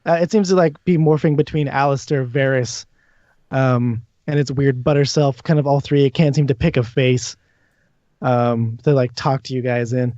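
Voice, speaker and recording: A man's voice: mid-range voice, fairly even intonation, normal speed, mellow, no room sound. A man running a tabletop game as dungeon master, hesitant with many ums and restarts. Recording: dull lo-fi stream audio.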